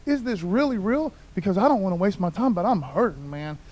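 A pastor voicing a hurting unbeliever who is wondering, pleadingly, whether faith is real. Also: male voice, high-pitched, expressive, a little fast, a little mellow. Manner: pleading, searching.

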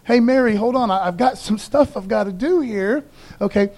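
A man's voice: high voice, moderate pace, a little mellow. A man preaching a sermon as a pastor, in a casual, enthusiastic way with slangy asides.

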